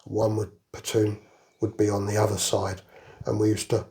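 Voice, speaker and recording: An older English veteran recounts his service days in a relaxed, rambling way. His voice has a gravelly, creaky edge. He chuckles his way through the stories. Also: fairly low pitch, moderate pace. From England. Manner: rambling anecdotal storyteller, chuckles through jokes. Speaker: army veteran guest. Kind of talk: casual storytelling interview.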